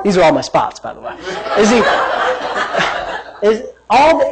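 A man's voice: very high voice, big pitch swings, normal speed, low-quality recording. A man pastor preaching a sermon, emphatic and repetitive, mixing playful family stories into his points.

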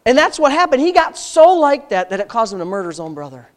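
A preacher delivering a sermon in a folksy, conversational way, asking repeated rhetorical questions and swinging from quiet asides to loud, emphatic peaks. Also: high voice, very animated, fast talker.

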